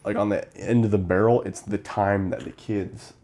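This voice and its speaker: Lowish-voiced young man retelling a movie. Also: moderate pace, creaky. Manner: animated retelling, acts out characters' lines. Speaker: podcast co-host. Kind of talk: casual movie review chat.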